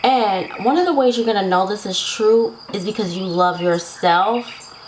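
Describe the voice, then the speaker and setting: A tarot reader with a medium-pitched voice and moderate pace gives her viewers a casual reading. She's chatty and laughs often, checking in with "right?" and "okay?", and the rough recording carries a little hiss or hum.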